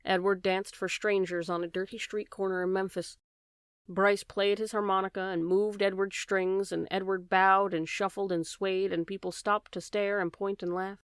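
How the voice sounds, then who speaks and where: Woman audiobook reader, storybook narration, smooth clear voice, close dry mic. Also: medium pitch, moderate pace, no room sound. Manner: steady, gentle reading with shifting voices.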